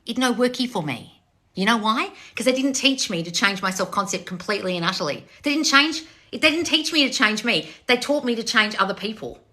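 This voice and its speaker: A woman's voice: a little high, lively intonation, a little fast, sharp tone. Blunt, foul-mouthed woman. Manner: profane, blunt, exasperated tough-love scolding. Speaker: manifestation coach. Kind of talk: blunt livestream chat reading comments.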